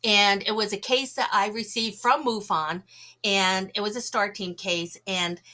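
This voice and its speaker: A woman guest on a podcast telling a story in an animated way, acting out the people she quotes, with a slight cough. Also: medium pitch, measured pace. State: slight cough, sore throat. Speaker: guest, UFO investigator.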